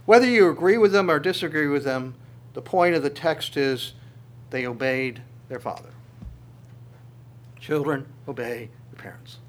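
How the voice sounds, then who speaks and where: Male pastor, sermon, emphatic, rhetorical questions, somewhat high voice, reads scripture between remarks. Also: moderate pace, pauses often, slight background noise. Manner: reads scripture aloud with interjected commentary.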